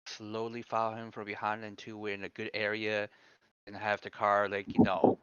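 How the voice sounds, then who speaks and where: A man's voice: on the low side, completely flat delivery, moderate pace, a bit bright, smooth, no echo, lo-fi sound. A man playing in a tabletop game over voice chat, talking hesitantly with many fillers. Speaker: player.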